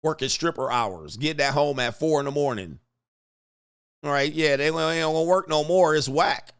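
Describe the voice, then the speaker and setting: A man's voice: a little high, moderate pace, fairly bright tone, smooth. A man hosting casual commentary, brash and slangy, chuckling often and hammering his punchlines. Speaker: commentary host.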